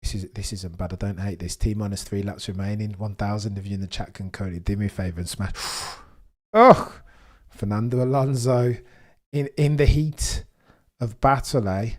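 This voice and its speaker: A young man hosting a live race watchalong, commentating casually and reacting with excitement. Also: on the low side, normal speed. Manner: excitable, exclaims and gasps at on-track action.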